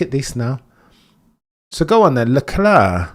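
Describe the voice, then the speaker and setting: A man casually commentating a race live, chatting to viewers and getting excited over lap times. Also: mid-range voice, normal speed. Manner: chatty, excitable, talks to chat by name.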